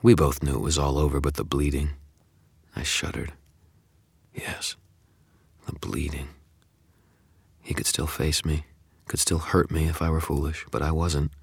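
Male audiobook narrator with a very deep voice, intense and brooding, close and dry sound. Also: little pitch movement, normal speed, husky, no echo. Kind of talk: first-person audiobook narration.

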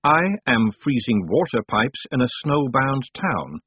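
A man voicing a calm, cold winter spirit. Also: medium pitch, husky, no room sound, heavily acted. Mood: solemn. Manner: slow, calm, grand. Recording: dry, tinny phone-like sound.

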